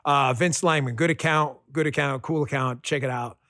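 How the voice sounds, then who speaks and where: A middle-aged man hosting a political podcast, combative and mocking, who swings from shouted insults to quiet muttered asides. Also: medium pitch, fairly even intonation, normal speed. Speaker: podcast host. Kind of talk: political commentary.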